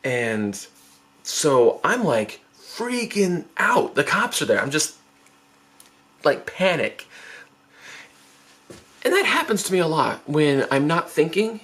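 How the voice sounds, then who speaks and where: A man's voice: sing-song, slow, pauses often, fairly bright tone. Rambling young man telling a story. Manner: rambling, self-mocking, many fillers and restarts; acts out his own panicked voice in high bursts. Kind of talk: casual storytime vlog.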